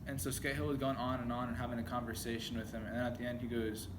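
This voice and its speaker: A man's voice: mid-range voice, level tone, quick pace, heavy background noise. A teenage boy answering his own questions for a school video diary, hesitant and mumbling with many ums. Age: teens. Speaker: high school student. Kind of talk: self-interview video diary.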